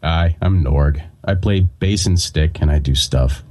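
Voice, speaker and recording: A man with a thick voice, a bass player guesting on a podcast by video call and joking around. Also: mellow. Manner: slow, goofy joking. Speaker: band bassist, podcast guest.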